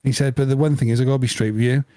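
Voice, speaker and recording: A man co-hosting a podcast, telling an animated story through laughter in casual chat. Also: medium pitch, racing, no room sound. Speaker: podcast co-host.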